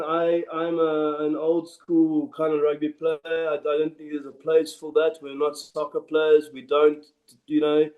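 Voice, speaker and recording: A man co-hosting a rugby podcast in a casual chat. He is blunt and emphatic and repeats his points for force. His voice sits a little high for a man. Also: darkish tone, rough recording. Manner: blunt, opinionated, emphatic repetition. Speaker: podcast co-host.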